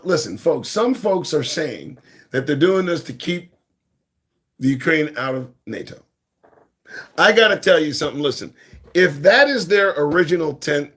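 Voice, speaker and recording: A male talk-show host with a slightly high-set voice delivers blunt, cursing commentary. He keeps calling on "folks" to listen up and talks like he is sounding an alarm. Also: fairly bright tone.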